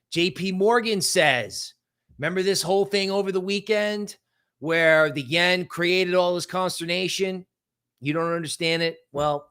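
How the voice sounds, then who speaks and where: A man hosts a live market commentary stream, his voice sitting a little high for a man. He talks in an animated, sardonic way, tossing out quick asides and mocking voices. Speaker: crypto market livestream host.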